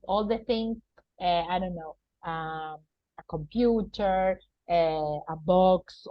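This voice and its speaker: Teacher explaining English words. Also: female voice, lowish voice, dry recording. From Argentina. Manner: patient, explaining words and checking with "right?". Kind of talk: teaching a vocabulary lesson. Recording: dull, lo-fi and dry.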